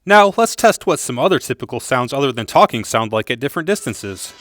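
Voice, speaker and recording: A man hosting a how-to video, reading a clear, explanatory voice-over recorded in a blanket vocal booth. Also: mid-range voice, big pitch swings, quick pace, a bit bright. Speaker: host of a how-to channel. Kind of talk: scripted voice-over narration.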